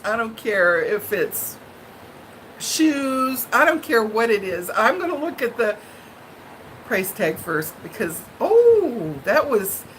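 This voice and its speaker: Slow, animated woman telling a story. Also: a little high, slight background noise, low-quality recording. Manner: dramatic, animated and laughing often. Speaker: live-stream host. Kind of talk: chatty storytelling to viewers.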